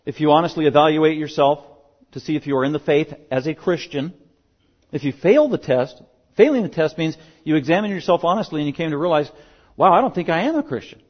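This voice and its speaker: A fairly high-voiced man preaching from the pulpit, pressing his points with insistent repetition. The recording sounds dull and muffled. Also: brisk. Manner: emphatic, repeats key words for stress. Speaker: pastor. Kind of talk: sermon.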